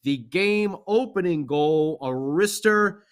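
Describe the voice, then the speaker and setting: A man's voice: sits high, animated, slow pace. A man co-hosting a sports podcast, giving an enthusiastic, rambling game recap. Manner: rambling, enthusiastic, fan banter. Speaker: podcast co-host.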